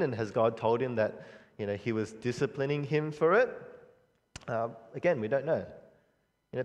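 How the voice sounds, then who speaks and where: A man preaches in an earnest, reflective manner, stopping often to pose questions to his listeners and filling pauses with "you know." His voice sits at an ordinary middle pitch and carries a long reverb, as if he is speaking in a large hall. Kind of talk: sermon on a psalm.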